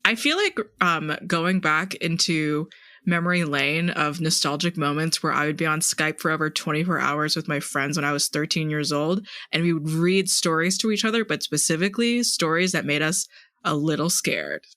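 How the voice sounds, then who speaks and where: Podcast cohost, bright sharp voice, deadpan jokes, dry close mic. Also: mid-range voice, normal speed, no echo. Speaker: podcast co-host. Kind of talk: casual comedic chat.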